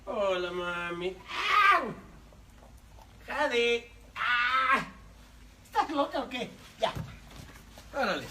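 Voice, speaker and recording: A woman's voice: fairly high pitch, lively intonation, takes it slowly, long pauses, far from the mic, noisy background. A woman with a Mexican Spanish accent talking baby talk to her pet cat in a cooing, sing-song way, with bits of playful scolding. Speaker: pet owner.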